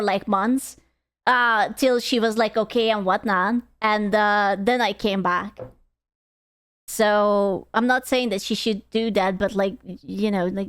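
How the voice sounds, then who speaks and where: A woman's voice: on the high side, clean tone. A woman streaming casually as she reacts to videos, talking bluntly, swearing freely and telling personal stories with little sung bits.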